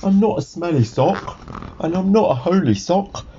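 A man voicing a small, lonely sock boy in a storybook reading, in a high, plaintive voice. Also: lively intonation, moderate pace, dark tone, highs cut off, a little hiss or hum. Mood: wistful.

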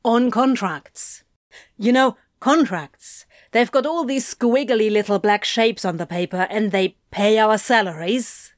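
A woman's voice: fairly high pitch, measured pace, no echo, lightly acted. A woman voicing a sardonic young male salesman with a dry, sarcastic manner.

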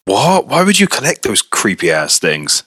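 Brit guy on a podcast, low voice that swings around a lot, swears constantly. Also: huge pitch swings, normal speed, sharp tone, breathy edge, dry recording, clean studio sound. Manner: swears a lot, jokey and teasing. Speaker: podcast co-host. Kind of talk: crude banter.

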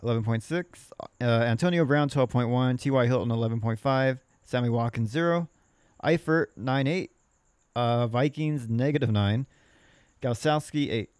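Male podcast co-host, casual score recap, smooth voice, dry sound. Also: medium pitch, a little mellow, dry recording. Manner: reads scores in quick list form. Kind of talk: casual fantasy football recap.

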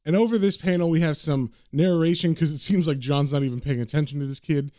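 A man's voice: a little high, fast talker, few pauses, dark tone, dry recording, clean studio sound. A man casually recapping and reading a comic aloud, with loose filler words. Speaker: comic book reader and recapper.

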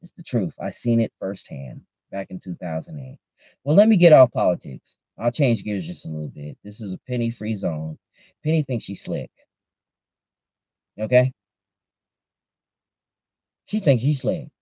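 Podcast guy ranting, swearing a lot, husky voice, pitch all over the place. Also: normal speed, pauses often, no echo, highs cut off. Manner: profane, animated, talks straight to listeners. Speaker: podcast host. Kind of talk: casual rant.

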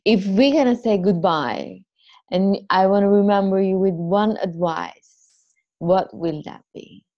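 A woman's voice: medium pitch, a little slow, dry recording. A woman hosting a podcast, emotional and laughing often, with hesitant, phrasing. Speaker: podcast host. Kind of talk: casual interview chat. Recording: slightly dull lo-fi sound.

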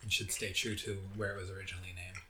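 A blunt, opinionated man chatting casually, swearing freely. His voice is bright and forceful. The room around him rings with echo. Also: low-pitched, little pitch movement, fast talker, a little hiss or hum. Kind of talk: casual chat.

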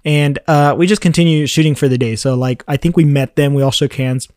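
A man's voice: a little high, steady tone, a little fast, darkish tone, smooth, no room sound. A man talks in a casual chat. He tells a story in a loose, slangy, easygoing way. The sound is dry and close. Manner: laid-back slangy storyteller, says "dude" a lot.

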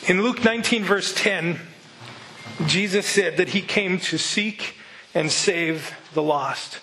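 Bright-voiced male preacher telling a story. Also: high voice, slow, a little hiss or hum, rough recording. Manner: earnest storytelling, rhetorical questions. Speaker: pastor. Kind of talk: sermon.

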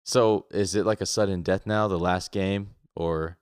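A man's voice: low voice, steady tone, a little slow, clean tone, no room sound, clean studio sound. A young man co-hosting a podcast in casual chat, loose and self-mocking, swearing freely. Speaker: podcast co-host.

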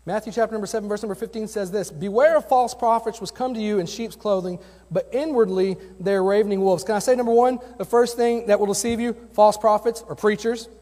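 High-voiced youth pastor preaching in a hall. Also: male voice, steady tone, a little fast, hardly any pauses, dark tone. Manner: earnest, conversational preaching with personal stories. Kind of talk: sermon. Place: church sanctuary. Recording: long hall reverb.

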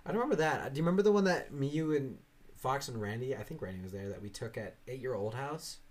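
A man's voice: lively intonation, quick pace, darkish tone. A young man in casual chat, rambling through stories with lots of swearing and acted-out quotes. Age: young adult. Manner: rambling, swearing, acts out quoted voices with big jumps up in pitch.

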